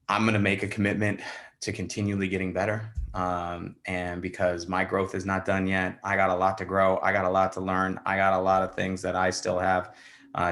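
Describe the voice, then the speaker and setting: Casting: deep monotone man with a gravelly edge, off-the-cuff pep talk on a team call. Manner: rambling, full of fillers. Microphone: online group call.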